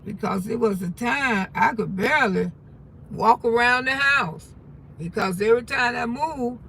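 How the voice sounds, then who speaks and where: A woman's voice: on the high side, a little slow, vocal fry, low-quality recording. A woman, talking in a candid, folksy and blunt way on a casual livestream, swearing freely. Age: 60s. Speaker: livestream host. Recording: loud traffic noise behind.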